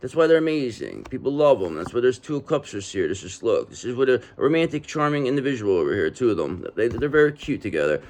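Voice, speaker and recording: A man's voice: mid-range voice, sing-song, fast, hardly any pauses, a little mellow. A man giving a casual, street-talking tarot reading and repeatedly checking in with the listener. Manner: street-talking, repetitive, reassuring with frequent "okay?". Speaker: tarot reader.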